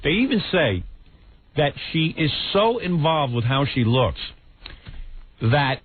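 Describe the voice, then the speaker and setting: A man's voice: on the high side, sing-song, slow pace. A man with a slight New York accent hosting a radio show, bantering bluntly and sarcastically. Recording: tinny phone-like radio audio, faint hiss.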